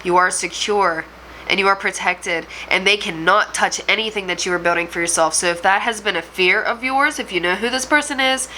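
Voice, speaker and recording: Woman, tarot reader, bright voice, emotional and rambling, faint noise behind. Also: medium pitch, rough recording. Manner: emotional, rambling, speaks to viewers directly. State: choked up. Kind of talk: channeled tarot reading to camera.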